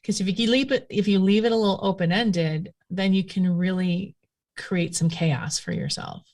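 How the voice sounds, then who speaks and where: At normal speed and medium pitch, this woman guest, a witchcraft practitioner, chats her way through stories in a relaxed conversation. She rambles and speaks animatedly, leaning on lots of fillers.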